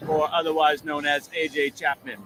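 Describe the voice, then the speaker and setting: A man's voice: fairly high pitch, level tone, moderate pace. Man calling bowling matchups, music behind. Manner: jokey, drops into a mock British accent. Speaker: tournament commentator and show host. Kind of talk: live bowling commentary. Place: commentary booth at a bowling alley. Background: music playing.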